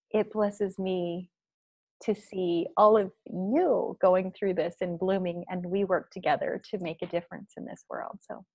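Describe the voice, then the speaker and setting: A woman's voice: lowish voice, creaky, a little mellow, dry recording. Effusive woman spiritual coach, dry sound. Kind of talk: casual video interview.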